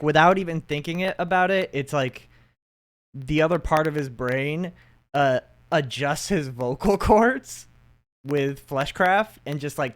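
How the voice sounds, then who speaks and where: Chatty, joking male player. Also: fairly high pitch. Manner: chatty, jokey, rambling. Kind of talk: casual tabletop chat.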